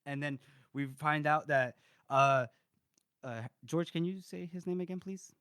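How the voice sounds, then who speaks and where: A man's voice: fairly high pitch, unhurried, fairly bright tone, clean tone, dry recording, clean studio sound. A man co-hosting a casual book podcast, animatedly retelling scenes, acting out quotes and swearing. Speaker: podcast co-host.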